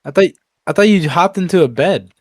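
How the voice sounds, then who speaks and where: A young man co-hosting a podcast in casual chat, loud and joking, swearing and bursting into silly high voices. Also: lively intonation, a little fast, no echo. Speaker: podcast co-host.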